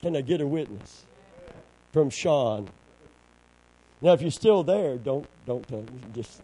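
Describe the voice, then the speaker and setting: A man's voice: medium pitch, animated, unhurried, long pauses, mellow, poor audio. A man preaching a sermon, fervent and full of call-and-response to his congregation.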